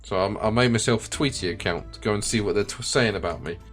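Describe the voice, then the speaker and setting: A bitter, self-pitying middle-aged farmer from a video game, a widower who talks in a plain, resentful and defensive way, as a man reads his lines aloud. The voice sits fairly low. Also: fast, soft background music, lightly acted. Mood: aggrieved.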